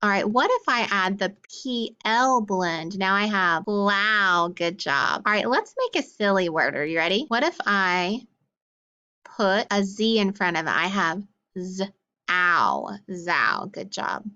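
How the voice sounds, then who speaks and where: A woman teaching a phonics lesson, slowly sounding out words and praising often. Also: mid-range voice, animated, bright, forceful tone, clear, resonant tone, muffled recording. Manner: encouraging, slow sounding-out of words.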